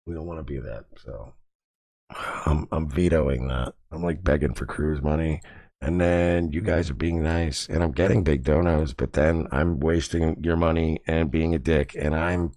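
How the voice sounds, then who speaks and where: Man streamer, very low voice, gravelly fry, crude rambling chat, lively pitch. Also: normal speed, no echo, clean studio sound. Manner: crude, rambling, mumbled asides. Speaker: livestream host. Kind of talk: casual livestream chat.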